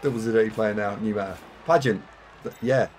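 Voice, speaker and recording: Yorkshire male streamer, lowish voice, relaxed running commentary on his own moves, faint noise behind. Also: fairly quick. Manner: chatty, thinks aloud, reads out chat. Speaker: game streamer. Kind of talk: casual live gameplay commentary.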